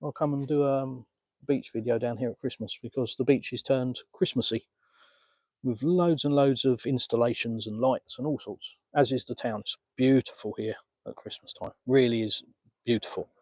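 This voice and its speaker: A man's voice: medium pitch, normal speed, darkish tone, dry recording. An Englishman casually answering viewer comments on a live stream from a beach, filmed on a phone. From England. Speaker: vlogger answering live chat. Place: outdoors on a beach.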